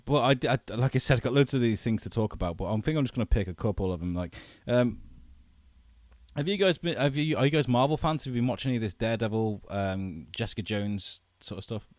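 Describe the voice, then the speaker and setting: A man's voice: mid-range voice, lively intonation, fast talker, a little mellow, dry recording, studio quality. A man talking casually as a voice actor on a podcast, rambling and chatty with frequent restarts.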